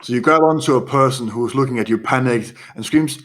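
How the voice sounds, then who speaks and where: A man running a horror tabletop game as game master, narrating scenes in quick descriptive bursts. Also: mid-range voice, a bit bright.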